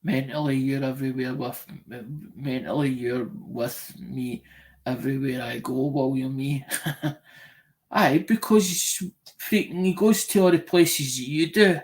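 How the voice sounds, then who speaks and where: A Scottish man talks to his viewers in a loose, rambling stream of chat. His voice sits at a middle pitch. He keeps restarting and repeating phrases as he goes. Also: fairly even intonation, a little slow. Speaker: live streamer. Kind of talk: casual live-stream chat.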